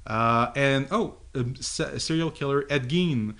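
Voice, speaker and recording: A man co-hosting a podcast in casual chat, halting, with many fillers and restarts. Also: medium pitch, fairly bright tone. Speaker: podcast co-host.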